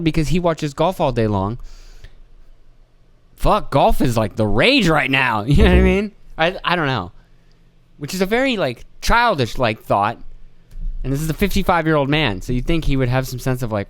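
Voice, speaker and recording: A man's voice: mid-range voice, animated, a little fast, no room sound. Swearing man ranting on a podcast. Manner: ranting, swearing, acts out quoted voices. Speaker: podcast host. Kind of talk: solo podcast rant.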